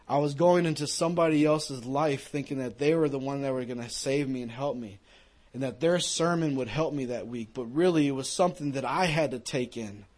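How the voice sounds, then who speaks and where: A man's voice: mid-range voice, darkish tone. Earnest man telling his testimony. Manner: earnest, conversational storytelling with fillers. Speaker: speaker giving a personal testimony. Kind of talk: testimony told to a young audience.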